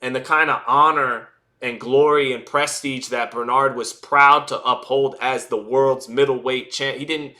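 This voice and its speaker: A man in his thirties hosts a live stream and tells long, wandering memories to his viewers. His voice is bright and forward, sitting at an ordinary middle pitch. He talks loosely, restarting sentences and piling on fillers as he goes. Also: fairly even intonation, unhurried. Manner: rambling, nostalgic, with many restarts and fillers. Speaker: livestream host. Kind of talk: casual storytelling to a live chat.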